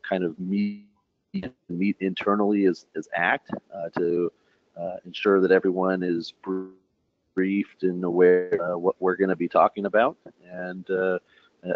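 A man giving an update on a conference call over the phone, hesitant and full of fillers. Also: sits low. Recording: muffled, faint phone line.

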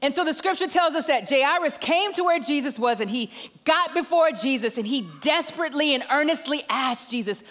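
A woman's voice: high-pitched, animated, a little fast, fairly bright tone. A middle-aged woman preaching as a guest pastor, telling a family story with acted dialogue. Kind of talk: sermon with storytelling. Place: large church auditorium. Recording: long church hall reverb.

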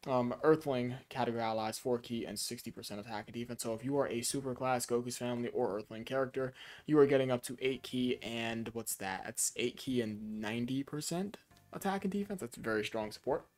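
A tired young man talks through a game card review in a casual, low-energy voice. His pitch sits in an ordinary middle range, and he pads his talk with fillers and quick self-corrections. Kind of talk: casual commentary.

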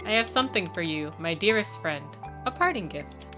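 Storybook game princess read aloud by a woman: gentle, fading, soft plain delivery. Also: lowish voice, lively intonation, normal speed, over music, close to an everyday voice. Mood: tender.

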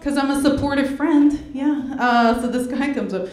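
A woman performing a stand-up comedy set, animated and playful, slipping into character voices. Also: high-pitched, moderate pace, slight background noise. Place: comedy club stage with audience. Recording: roomy club with crowd laughter. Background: audience laughter.

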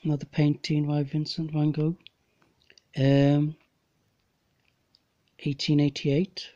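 A slow-talking man with a mellow, soft-edged voice who rambles and corrects himself as he goes. The recording is dull and lo-fi, like a simple home setup. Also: fairly high pitch, monotone. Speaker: amateur painter presenting his copies. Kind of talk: casual narrated slideshow.

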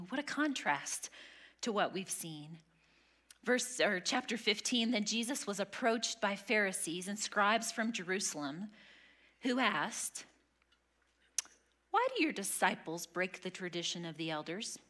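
A woman teaching a women's Bible study, earnest and emphatic, sometimes dropping to a hush. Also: mid-range voice, unhurried. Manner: earnest, emphatic, drops to a hush on key lines.

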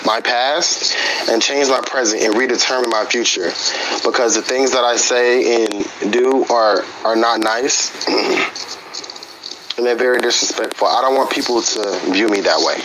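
A man speaking into his phone on a live stream, halting and hesitant, his words full of fillers and restarts. His voice sits at a middling pitch. A clear hiss of noise runs under the audio. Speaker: participant in a live-stream group session. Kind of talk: casual live-stream talk and reading a personal letter aloud.

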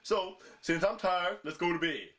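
A man's voice: sits high, moderate pace, a bit bright. A man voicing a carefree, slangy male dinosaur in a puppet comedy skit, drawling and laid-back. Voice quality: drawling, says "folks" a lot.

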